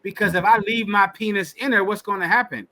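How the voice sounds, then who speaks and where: A man's voice: high voice, a little fast, pushed and bright. A man teaching a scripture class in a blunt, emphatic preaching style, repeating his points for emphasis. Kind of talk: preaching Bible commentary.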